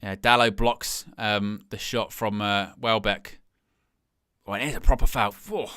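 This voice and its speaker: A young man giving live fan commentary on a football match, in a bright, crisp, smooth voice recorded dry and close. He rambles in quiet casual asides, then bursts into loud, high shouts when a chance comes. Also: level tone, a little slow, dry recording. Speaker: fan watch-along host.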